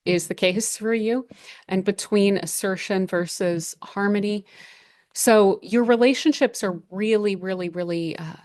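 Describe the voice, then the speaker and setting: A woman with a slightly low voice talks through a monthly horoscope off the cuff. She restarts her phrases often and drifts into "like" and "you know" as she offers gentle advice. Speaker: astrology channel host. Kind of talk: casual unscripted monthly horoscope reading.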